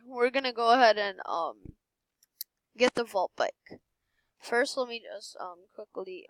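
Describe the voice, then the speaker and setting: A young woman giving excited gameplay commentary at her computer, giddy and squealing, repeating herself over and over. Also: a little high, measured pace, no echo, poor audio. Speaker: gaming youtuber. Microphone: desktop mic, no webcam.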